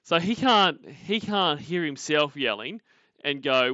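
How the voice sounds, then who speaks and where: A man's voice: fairly high pitch, animated, takes it slowly, sharp tone, no room sound, highs cut off. A man giving blunt, sarcastic commentary on a call, swearing and laughing often. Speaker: streamer reacting to a call recording. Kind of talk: casual commentary.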